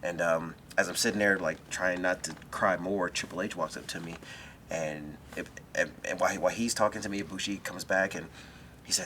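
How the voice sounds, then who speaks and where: A man with a deep, low voice and a bright, forceful edge tells an emotional story in a sit-down interview. He talks in quick, animated bursts and restarts. A faint hiss of noise sits behind him. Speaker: wrestler, interview guest.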